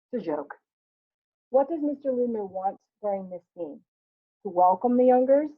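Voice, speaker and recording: Woman teacher, plain and instructive, over tinny lo-fi audio. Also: medium pitch. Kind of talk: lesson instructions and read-aloud.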